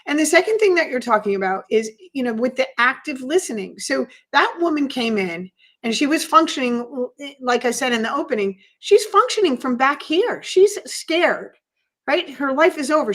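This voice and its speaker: Earnest, higher-voiced woman podcast co-host. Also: expressive, moderate pace, fairly bright tone. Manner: earnest, explanatory, repeats points for emphasis. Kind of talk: casual podcast conversation.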